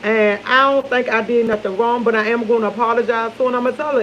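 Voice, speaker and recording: Talking fairly quickly with few pauses, a woman with a fairly high, slightly bright voice rambles over morning coffee to her y'all viewers, laughing and often forgetting where she was going. The recording is muffled, with slight background noise.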